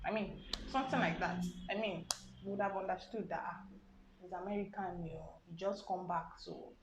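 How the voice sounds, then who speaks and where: A woman's voice: lowish voice, brisk, muffled recording, noisy background. A young woman with a Nigerian accent chatting casually as she reviews a film, rambling with "um" and "I mean" asides. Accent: Nigerian English. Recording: roomy sound with music behind.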